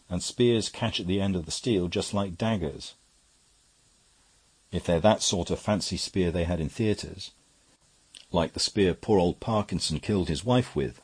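A man's voice: sits low, darkish tone, breathy edge. A man reading as a mild little priest. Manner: simple, plain-spoken. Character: mild little middle-aged male priest witness.

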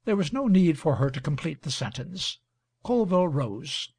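A man reads a classic novel aloud in a measured narrating style. His voice sits a little high and has a gravelly grain, with a lively, moving pitch. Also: no echo. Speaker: audiobook reader. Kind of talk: scripted narration.

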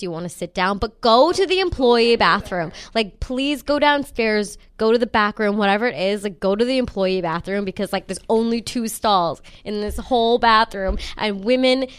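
A young woman in her twenties chats casually as a podcast co-host. She rambles and fills her talk with "like" and restarts. Her voice sits at a middle pitch and sounds close and dry. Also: clear, resonant tone, no room sound. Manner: chatty, rambling with many fillers. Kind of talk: casual chat.

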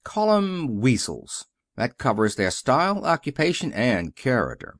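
A man voicing a calm, firm mother. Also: medium pitch, a little slow, no room sound, studio quality. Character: composed 36-year-old saleswoman mother, firm.

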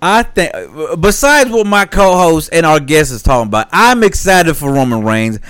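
A man co-hosting a podcast, his voice a bit high and recorded dry. He speaks in a relaxed, agreeable way, chiming in easily. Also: moderate pace, smooth, no echo. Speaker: podcast co-host. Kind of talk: casual podcast chat.

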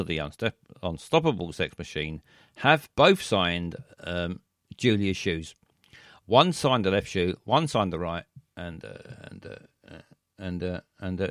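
A middle-aged man rambles through a late-night show, stammering and self-deprecating. His voice is low and swings widely in pitch. The sound is dry and close. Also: a bit bright, dry recording. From England. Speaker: late-night radio host reading listener messages.

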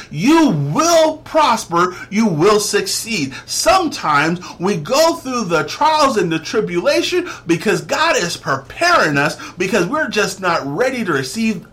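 A man's voice: high-pitched, a bit bright. A man preaching a devotional sermon to listeners, emphatic and fond of repeating phrases for stress. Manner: says "get this" often.

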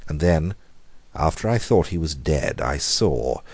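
A man narrating a horror story in a measured, grave reading, slowing down for dramatic moments. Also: very deep voice, animated, a little mellow, no room sound. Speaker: audiobook reader.

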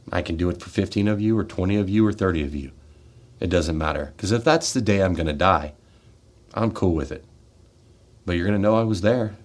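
Speaking in a lowish voice, an American veteran of the military rails through a fervent, confrontational radio-studio monologue. He moves from loud outbursts to quiet, heavy asides.

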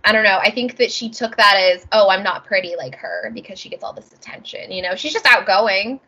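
A woman co-hosting a casual podcast chat, bubbly and quick to act out characters in little quoted voices. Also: mid-range voice, bright, forceful tone, dull audio. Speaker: podcast co-host.

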